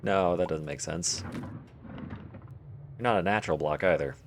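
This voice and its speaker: Low-voiced man joking while streaming a game. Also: normal speed, slight background noise. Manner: rambling, joking to himself and to chat. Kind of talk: casual live-stream commentary.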